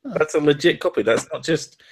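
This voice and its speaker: A man's voice: on the high side, fairly quick, slightly rough. A man in casual stream chat with a dry, sarcastic manner.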